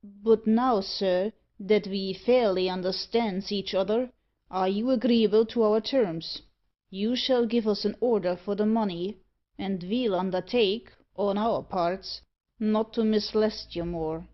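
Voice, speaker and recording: A woman's voice: medium pitch, a little slow, dull audio, lightly acted. A sly, coarse ruffian tinker, as a woman reader does him. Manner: sly, coarse, drops his h's. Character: cunning male tinker, a rough extortioner.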